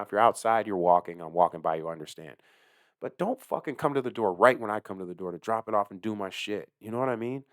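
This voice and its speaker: A man who works as a delivery driver, ranting casually to camera, heated and swearing heavily, swinging between low muttering and loud outbursts. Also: dry recording, clean studio sound. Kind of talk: casual profane rant to camera.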